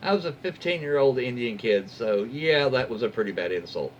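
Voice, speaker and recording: Folksy man, lively storyteller. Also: medium pitch, a little fast, highs cut off, slight background noise. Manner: folksy, wry asides, self-censoring jokes. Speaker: YouTube host reading Reddit stories. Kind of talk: casual story reading with commentary.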